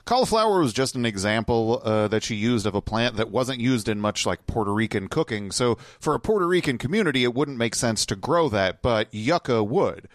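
Calm, measured man fact-checking. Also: mid-range voice, dry recording, clean studio sound. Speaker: podcast co-host. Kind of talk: casual chat.

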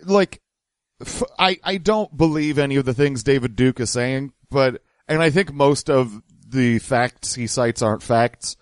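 A man's voice: medium pitch, measured pace, smooth, dry recording. A man hosting a podcast, explaining things in a wry, casual way and swearing now and then. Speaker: podcast host. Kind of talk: casual commentary.

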